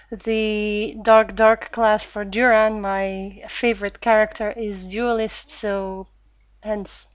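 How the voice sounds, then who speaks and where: A woman in her twenties from Belgium, unhurried and hesitant, reading a question list in a casual vlog. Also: medium pitch, no echo. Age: 20s. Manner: unhurried, hesitant with many fillers, giggling.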